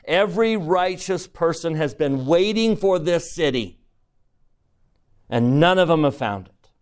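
A man's voice: a little high, expressive, a little slow, clean tone. A man teaching a scripture lesson to a class, emphatic and asking the room questions as he reads verses aloud.

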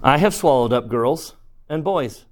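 A man preaching and voicing a stern, calm male lion who speaks gravely and plainly during a story reading. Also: mid-range voice, natural voice. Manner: grave, unhurried, matter-of-fact.

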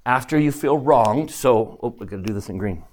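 A man's voice: medium pitch, a little fast. Emphatic middle-aged man teaching scripture. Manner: animated, emphatic, asks the class questions. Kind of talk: scripture lesson lecture.

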